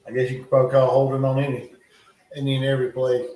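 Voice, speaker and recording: Quick, mellow, and monotone, a medium-pitched male voice carries loose live commentary on a football game, thinking out loud and muttering offhand asides. The streamer is at home in North Carolina, recording in a room with a roomy echo.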